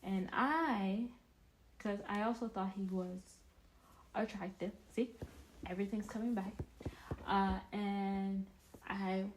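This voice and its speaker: A young woman casually telling a storytime vlog, rambling with restarts and sudden animated bursts of loudness. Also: medium pitch, a little hiss or hum, rough recording. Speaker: vlogger.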